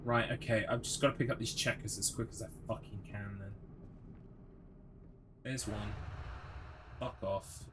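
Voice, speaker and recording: A man's voice: fairly low pitch, fairly even intonation, measured pace, long pauses, noisy background. A young man streaming a horror game, ranting sarcastically and swearing as he gets frustrated. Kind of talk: live gameplay commentary.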